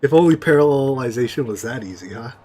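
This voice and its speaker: A man's voice: mid-range voice, animated, fast, dark tone. A man streaming a game, chatting and musing aloud as he plays, his voice tired and strained. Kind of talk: casual gameplay commentary.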